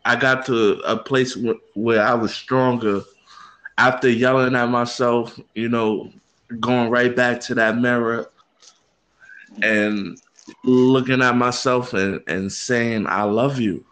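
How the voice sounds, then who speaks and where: A man's voice: medium pitch, little pitch movement, takes it slowly, fairly bright tone, poor audio. A man hosting a casual podcast chat, talking in an earnest, heartfelt way and calling his co-host "bro" again and again.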